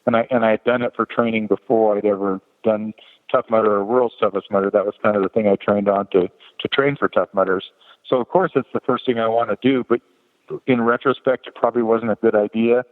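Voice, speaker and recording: A man, a podcast guest, telling a personal story in a lively way and jumping higher in pitch to act out the people in it. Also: a little fast. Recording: tinny phone-like line with long reverb.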